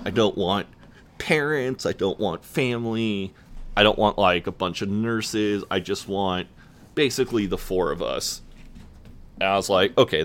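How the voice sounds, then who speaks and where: A young man telling a personal story in casual chat, relaxed and full of fillers and swearing. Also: lowish voice, smooth. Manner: laid-back, swears often, lots of "like" fillers. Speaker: podcast co-host.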